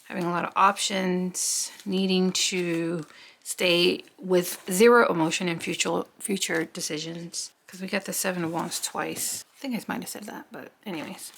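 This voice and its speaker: A woman's voice: fairly low pitch, creaky, fairly bright tone, slight background noise. A woman giving a casual tarot reading, chatty and rambling, often talking to herself and swearing offhandedly. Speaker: tarot reader.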